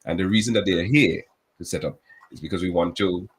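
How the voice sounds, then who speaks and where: Guy on a radio show, really deep voice, kinda husky, explains stuff with lots of restarts. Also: quick pace, poor audio. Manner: earnest, explains at length with many restarts. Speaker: government official as studio guest. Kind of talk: radio talk show interview.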